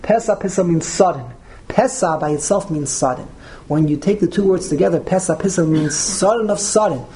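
A man's voice: high voice, brisk, mellow. A man teaching a text study class verse by verse, often repeating and restarting his words. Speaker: Torah teacher.

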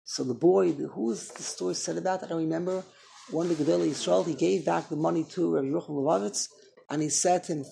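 Gravelly man teaching a religious class. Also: on the high side, quick pace. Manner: animated, repeats and restarts phrases. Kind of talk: Torah class lecture.

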